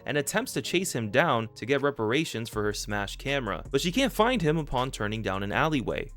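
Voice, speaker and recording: A man's voice: mid-range voice, sing-song, brisk. Chatty male reviewer, faint music under. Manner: rambling, self-correcting with filler asides. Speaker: video reviewer. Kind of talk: casual review narration.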